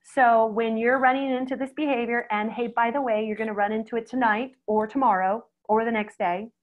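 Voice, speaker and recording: Lively middle-aged woman giving a webinar talk. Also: a little high, fairly quick, phone-quality sound. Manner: lively, acts out quoted reactions, addresses audience directly. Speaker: veterinarian presenting a webinar.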